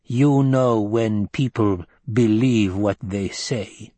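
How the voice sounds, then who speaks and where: A man voicing a stern old woman who leads a secretive sisterhood, speaking in a slow, measured, commanding way with a husky tone. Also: on the low side, warm tone, dry recording. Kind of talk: audiobook character voice.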